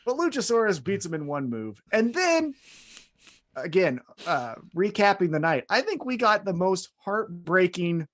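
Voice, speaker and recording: Lively, animated male podcast co-host. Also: high voice, a little slow. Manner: animated, jokey, recaps with acted-out quotes. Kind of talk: casual wrestling podcast chat.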